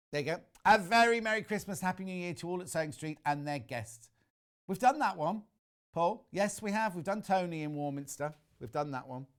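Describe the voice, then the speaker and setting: A man presenting a live shopping channel broadcast, chatting as he reads out viewer messages with quick asides. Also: on the high side, clean tone. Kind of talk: live TV sales chat.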